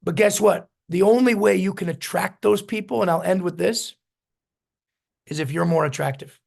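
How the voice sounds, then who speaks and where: A man's voice: high-pitched, normal speed, gravelly, darkish tone. A man coaching a business team in a storytelling motivational talk, repeating his key points with emphasis. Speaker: business mentor.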